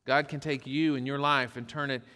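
A man's voice: medium pitch, level tone, normal speed, sharp tone, long reverb tail. A pastor preaching a sermon, folksy, mixing humor and stories into his preaching.

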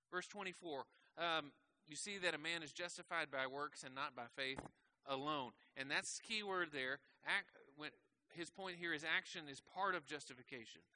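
Male pastor, bright and forceful tone, slightly high, casual sermon delivery with rhetorical questions. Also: a little hiss or hum. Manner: conversational preaching with rhetorical questions. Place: church.

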